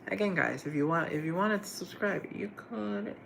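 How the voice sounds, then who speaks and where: A man's voice: high-pitched, moderate pace, gravelly, fairly bright tone, a little hiss or hum, rough recording. A man hosting a live stream in a casual, chatty way, greeting viewers by name and answering their comments.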